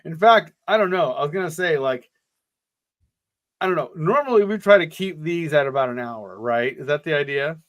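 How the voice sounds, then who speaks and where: A man co-hosting a podcast, chatting and joking while reading an adventure gamebook aloud. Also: on the high side. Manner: jokey, animated, quick asides. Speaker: podcast co-host.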